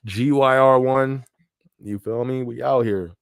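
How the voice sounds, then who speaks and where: Gravelly and medium-pitched, a male podcast host speaks at a measured pace with fairly even intonation, in clean studio sound with no room sound. His live-stream talk is loose and conversational, full of repeated phrases and frequent "you know what I mean" check-ins.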